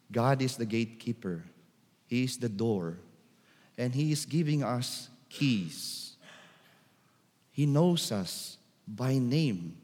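Slow-speaking priest in a reverberant church. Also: male voice, mid-range voice. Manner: slow and deliberate, calling out loudly to act the shepherd. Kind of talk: sermon.

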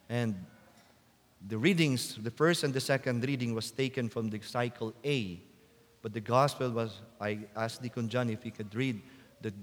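A man preaching a sermon as a priest, slow and deliberate, rising to loud emphatic quotes. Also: mid-range voice. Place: church. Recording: long church reverb.

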